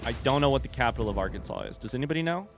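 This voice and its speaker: Over music, a young American man streams a game and chats casually with his viewers, his medium-pitched voice expressive and rapid-fire. He rambles, cracks jokes in asides, and keeps cutting himself off mid-sentence.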